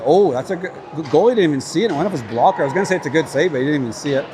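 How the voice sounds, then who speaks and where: A man's voice: on the high side, rapid-fire, noisy background. A man casually calling an amateur hockey game on a livestream, chatty and openly cheering for his team. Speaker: play-by-play commentator. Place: at a rink with a crowd.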